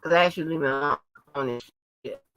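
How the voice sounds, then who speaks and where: A woman hosting a casual livestream, talking bluntly and combatively with frequent swearing and halting restarts. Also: low-pitched, a bit bright, no echo, rough recording. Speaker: livestream host.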